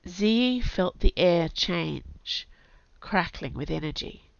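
A woman with a cold, an author reading her own story aloud with clear storytelling and chatty asides. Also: lowish voice, animated, slow pace, dry recording. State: has a cold. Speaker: author and podcast narrator. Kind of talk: audiobook narration. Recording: dull, dry home recording.

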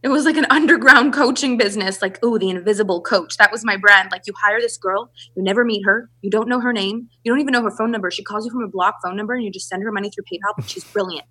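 A woman's voice: medium pitch, fast, few pauses, bright, forceful tone, slightly rough. A woman, a relationship and business coach, telling her story as a podcast guest and acting out the voices of people she quotes.

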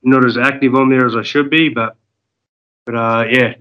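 An Australian man, a fishing guide and podcast guest, talking in a relaxed, hesitant way full of fillers. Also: medium pitch, normal speed, highs cut off. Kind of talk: casual podcast interview.

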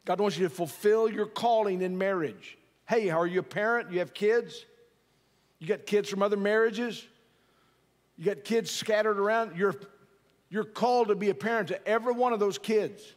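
Middle-aged guy preaching, chatty and jokey, fairly high voice, hall echo trailing off. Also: moderate pace. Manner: conversational, joking, asks the audience questions. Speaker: pastor. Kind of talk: sermon. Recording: long hall reverb.

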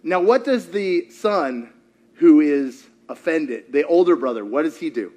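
Male pastor, high voice that swings wide, playful, questions the room. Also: unhurried. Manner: animated, quizzes the congregation and acts out quotes. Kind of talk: sermon.

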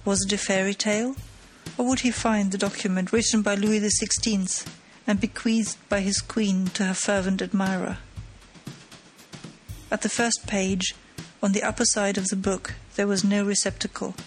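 A woman narrates a classic mystery audiobook at a middle pitch. Her telling is measured and dramatic. Soft music plays faintly in the background. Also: little pitch movement, poor audio. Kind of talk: scripted narration.

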